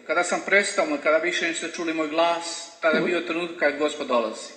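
A man speaking to a congregation in short phrases, pausing for an interpreter to translate each one. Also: a little high, steady tone, pushed and bright. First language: Croatian. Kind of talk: talk in church, paused for interpreting. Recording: echoey hall, voice roomy.

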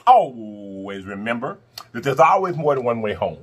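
A man's voice: medium pitch, big pitch swings, moderate pace. A middle-aged man, talking casually to the camera while he eats and fondly calling his viewers "baby" and "y'all". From Southern United States. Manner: affectionate, preachy, calls viewers "baby" and "y'all". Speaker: mukbang vlogger.

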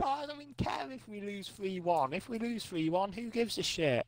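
A young man in rowdy gaming banter over voice chat, excitable and sweary, yelling and laughing. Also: sits high, normal speed, hardly any pauses. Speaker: online game player.

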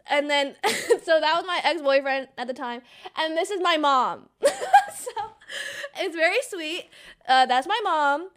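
A young woman chats casually on her stream, excitable and quick to giggle. Her voice sits high, and she swears freely and breaks into squeals. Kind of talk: casual livestream chat, reacting to an old clip.

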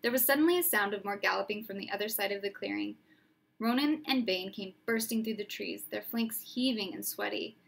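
A woman narrating a storybook aloud in a steady, expressive way. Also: mid-range voice, fairly quick, gravelly. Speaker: reader.

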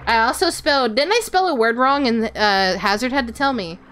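A woman's voice: on the high side, animated, normal speed, a bit bright, faint music behind. A woman VTuber streaming a game, chatting casually with her chat, answering questions and swearing offhand. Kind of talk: casual livestream chat while gaming.

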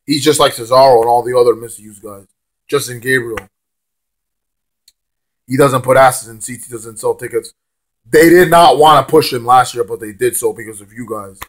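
A hoarse young man rants bluntly as a wrestling fan vlogger, stammering and repeating words, with some swearing. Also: mid-range voice, moderate pace. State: hoarse, lost his voice. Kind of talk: casual ranting monologue.

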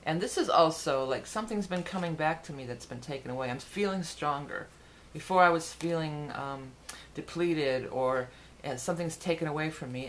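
A woman's voice: deep voice, slight background noise. A woman giving a casual, rambling tarot forecast, with frequent fillers and restarts. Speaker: tarot reader.

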